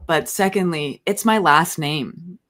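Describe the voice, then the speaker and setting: A woman in her forties co-hosting a casual spiritual talk show, playful and quick to laugh. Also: on the low side, fairly bright tone. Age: 40s. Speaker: co-host, spiritual leader. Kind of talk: casual chat.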